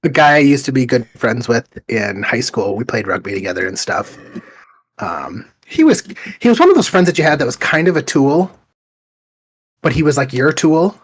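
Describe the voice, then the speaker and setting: A middle-aged man with a husky, somewhat breathy voice talks in a loose, casual way. He tells stories with plenty of swearing and an easygoing tone. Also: mid-range voice, normal speed. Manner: relaxed storytelling, swears often. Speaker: podcast co-host. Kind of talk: casual chat.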